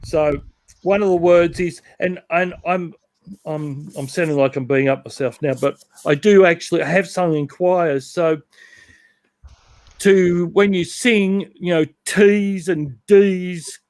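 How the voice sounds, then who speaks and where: An Australian man with a somewhat high voice chats loosely, wandering through his thoughts with lots of ums. The sound is dry and close, with little room around it. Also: fairly even intonation, slow, a little mellow, no room sound. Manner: chatty, rambling with many ums. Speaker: guest on model railroad livestream. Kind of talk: casual chat.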